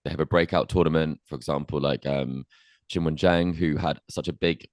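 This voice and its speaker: Low-voiced man co-hosting a tennis podcast. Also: moderate pace, no echo, studio quality. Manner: relaxed, with many ums and I means. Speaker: podcast co-host. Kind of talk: casual tennis chat and interviewing.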